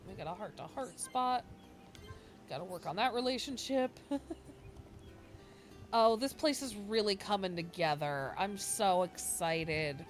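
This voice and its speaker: A woman hosting a video game playthrough, chatting excitedly and laughing as she plays. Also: mid-range voice, a little slow, pauses often. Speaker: let's play host. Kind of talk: casual gameplay commentary. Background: game music.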